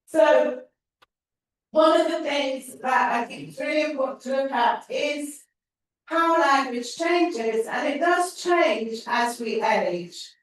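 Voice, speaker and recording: British woman, conference speaker, slightly high voice, chatty, quizzes the audience, hall. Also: slow pace. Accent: standard British English. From North London. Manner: chatty, asks the audience questions. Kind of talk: conference talk.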